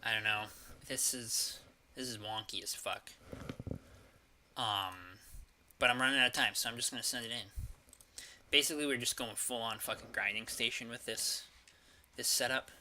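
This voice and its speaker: A man talks through his card game as he plays, weighing each choice out loud with pauses and fillers. His voice has a very bright, sharp edge. A faint hiss of noise sits behind him. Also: mid-range voice. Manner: thinking aloud, hesitant, with fillers and swearing. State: has the hiccups. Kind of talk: casual gameplay commentary.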